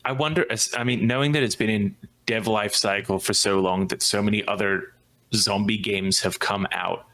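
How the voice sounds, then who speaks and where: A man with a low voice and a bright, forceful tone, talking casually on a podcast. He wanders through his ideas and ribs his co-hosts along the way. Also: steady tone, moderate pace, rough recording. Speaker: podcast co-host. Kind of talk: casual chat.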